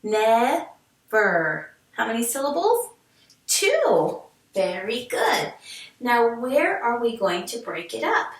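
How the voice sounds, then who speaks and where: Animated woman teaching phonics in an echoey room. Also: on the high side. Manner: slow, clear, sounding words out syllable by syllable; cheerful and encouraging, speaking to young learners. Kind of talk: recorded remote reading lesson for children. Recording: echoey room, mic at a distance.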